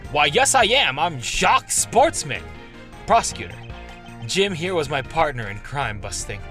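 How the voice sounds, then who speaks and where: A man voicing a theatrical, hot-headed male prosecutor from a game, reading the lines aloud with dramatic shouting. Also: a little high, sing-song, a little slow, soft background music. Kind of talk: game dialogue read aloud.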